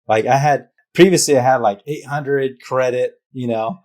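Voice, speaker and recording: A man's voice: medium pitch, moderate pace, darkish tone. A man as an interview guest, telling an emotional personal story in an open, heartfelt way with many fillers. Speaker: guest, business founder.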